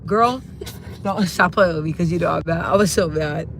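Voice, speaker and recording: A woman hosting a casual live stream from her phone while she drives, chatting with her viewers and venting in an animated way with sudden pitch jumps. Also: moderate pace. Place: in a car while driving. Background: faint car noise.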